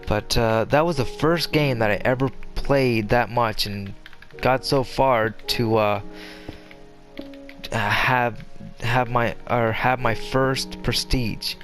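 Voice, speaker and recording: Young man, gaming commentary, rambling with fillers, mid-pitched voice, faint game music behind. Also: slow, a bit bright. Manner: rambling, meandering with many fillers and restarts. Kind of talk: casual gameplay commentary.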